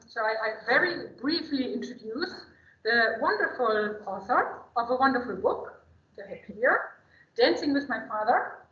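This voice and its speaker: A woman's voice: fairly high pitch, fairly bright tone. A woman hosting a class session, eagerly introducing a guest author in a chatty way with many fillers, over a video call. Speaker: host and lecturer. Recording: echoey, dull video-call audio.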